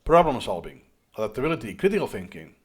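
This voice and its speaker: A man speaking as an educator in talking-head commentary, emphatic and animated, often restarting his phrases. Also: mid-range voice, fast. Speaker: educator and tutor.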